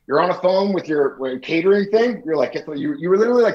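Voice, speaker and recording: A man's voice: high-pitched, very animated, fast talker, few pauses, a little mellow, dull audio. A man on a podcast, rambling through a heated, profane comedic rant and acting out what others said. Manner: rambling, profane, confrontational, acts out quotes. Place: indoor room with wallpaper and a lit mirror.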